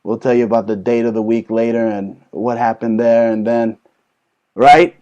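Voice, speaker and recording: A man's voice: mid-range voice, steady tone, moderate pace, warm tone, highs cut off. A male show host delivering a combative, profane satirical rant, peppering it with tag questions. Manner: profane, combative rant with constant "okay?" tags. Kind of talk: satirical ranting chat.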